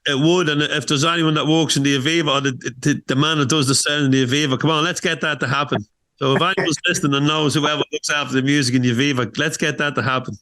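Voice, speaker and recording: A man's voice: a little high, steady tone, quick pace, sharp tone. A man hosting a casual podcast interview, speaking with hesitant fillers. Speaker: podcast host.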